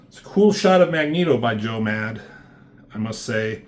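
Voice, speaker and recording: A man's voice: on the low side, expressive, normal speed, slight background noise. A man casually recapping a comic book issue as a reviewer, rambling and offhand, swearing freely.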